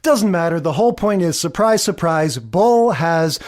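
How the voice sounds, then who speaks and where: Animated podcast co-host recapping episodes. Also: mid-range voice, moderate pace. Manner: animated, acts out quoted characters. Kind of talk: casual chat.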